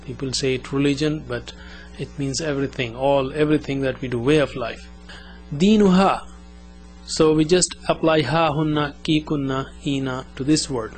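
A man teaching an Arabic lesson, drilling words slowly for listeners to repeat. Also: medium pitch, faint music behind. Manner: slow, drilling call-and-repeat. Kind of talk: classroom language lesson.

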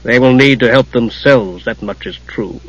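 A stern, grim god , as a male reader plays him, speaks gravely and firmly. The voice has a husky grain. The recording is muffled and lo-fi. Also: medium pitch, moderate pace, lightly acted. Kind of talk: audiobook character reading.

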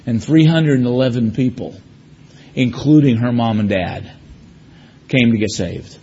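A male preacher from the United States delivers a storytelling sermon, leaning hard on key phrases and shifting between brisk narration and slow, weighty lines. His voice has a husky edge, and the recording sounds a bit muffled. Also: mid-range voice, a little mellow. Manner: storytelling preacher, emphatic, varied pace. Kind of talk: sermon with personal stories.

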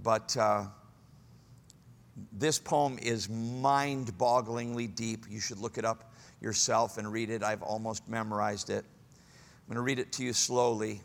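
A man preaching a sermon, swinging from loud, high exclamations to hushed, low asides. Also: steady tone, measured pace, vocal fry, big-room sound. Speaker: pastor.

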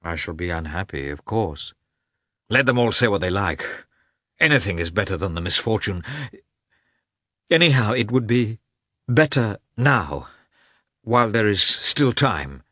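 Despairing, jealous young man, read by a male narrator, low and pleading, storybook delivery. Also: sing-song, measured pace, pauses often, pushed and bright, no room sound, clean studio sound, heavily acted. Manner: pleading, anguished. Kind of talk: audiobook character voice.

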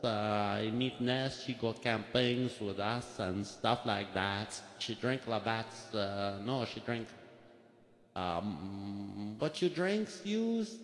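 A man's voice: lowish voice, takes it slowly, pitched below the performer's own voice. A man putting on a shy man, hesitant and full of ums. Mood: mumbling. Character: shy mumbling French-Canadian man. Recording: echoey room with loud guitar music.

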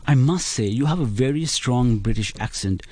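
A man reading aloud as an overfamiliar young stranger, who chats away eagerly and a bit too forwardly. The voice sits at a middling pitch, recorded close and dry. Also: expressive, normal speed, warm tone, no echo, close to an everyday voice. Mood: friendly.

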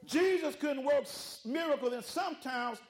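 A man's voice: very high-pitched, unhurried. A man preaching a sermon, calling out to his congregation, with rhythmic repetition and informal vernacular speech. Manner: preaching with call-outs to the congregation. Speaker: pastor.

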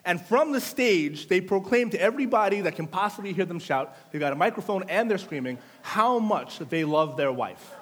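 A man's voice: high-pitched, normal speed, hardly any pauses. A male pastor preaching a sermon in a playful way, teasing the congregation and drawing people up front to take part. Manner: animated storytelling with audience participation.

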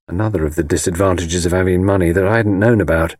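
A man narrating a novel in a measured, reflective storytelling manner. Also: low voice, a little mellow, no room sound, studio quality. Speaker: audiobook narrator. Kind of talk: audiobook narration.

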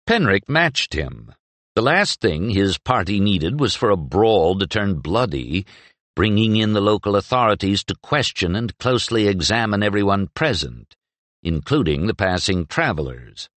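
A man reading a novel aloud as an audiobook narrator, in expressive, measured storytelling. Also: on the low side, dry recording. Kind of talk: scripted narration.

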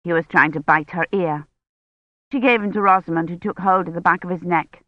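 Female audiobook narrator, measured delivery; dry, dulled studio recording. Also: fairly low pitch, no echo, lo-fi sound. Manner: measured, steady reading with voiced characters.

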